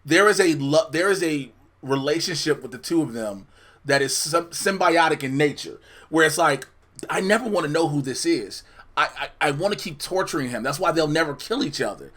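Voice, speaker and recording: Young man, high voice, bright tone, excitable, laughs a lot. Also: fairly quick. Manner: excitable, laughs often, loud jumps in pitch. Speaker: co-host reviewing a cartoon episode. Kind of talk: casual chat.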